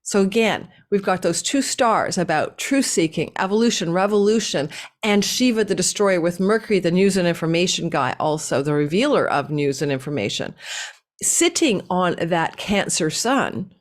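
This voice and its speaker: A woman hosting her own astrology channel, talking straight to viewers in a lively way, running through lists and leaning hard on key words. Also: lowish voice, moderate pace. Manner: enthusiastic, tumbling lists with sudden stresses. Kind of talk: casual monologue to viewers.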